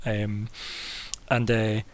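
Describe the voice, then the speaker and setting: A man's voice: fairly low pitch, monotone, extremely slow, dry recording. A man running a tabletop game as game master, in casual talk, laughing often and asking the players what they do.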